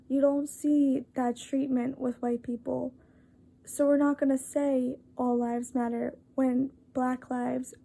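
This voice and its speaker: Young woman vlogging, high flat voice w/ some vocal fry, lots of ums and sorrys. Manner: apologetic, halting, many fillers and restarts; reads a list aloud. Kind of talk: earnest casual talk to camera.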